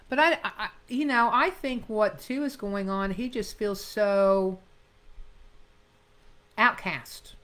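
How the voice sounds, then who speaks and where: A middle-aged woman teaching actors in a script analysis class. She speaks emphatically and slips into quick line readings to make her points. Her voice sits at an ordinary mid pitch for a woman. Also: fairly bright tone. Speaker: acting coach.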